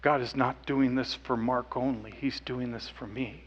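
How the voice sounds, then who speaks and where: A man speaking on stage, telling a personal story earnestly, dropping to hushed tones at times. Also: medium pitch, fairly even intonation, normal speed, highs cut off, slight background noise. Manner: earnest, with quiet hushed stretches. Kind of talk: emotional storytelling talk.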